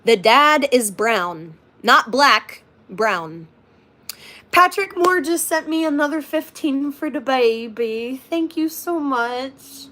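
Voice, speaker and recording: High-pitched woman streamer, casual, candid, swears freely. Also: lively intonation, takes it slowly, sharp tone. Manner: blunt and profane, talks candidly to viewers. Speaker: livestreamer. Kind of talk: casual livestream chat.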